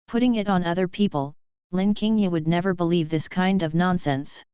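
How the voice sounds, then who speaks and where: A woman narrating an audiobook novel in a steady, unhurried reading voice. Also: fairly low pitch, smooth, no room sound, lo-fi sound.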